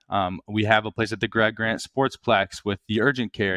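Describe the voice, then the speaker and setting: A man, a physical therapist, explaining in a relaxed, upbeat way as a podcast guest. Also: fairly low pitch, normal speed, few pauses, clear, resonant tone, dry recording, studio quality. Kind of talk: casual podcast interview.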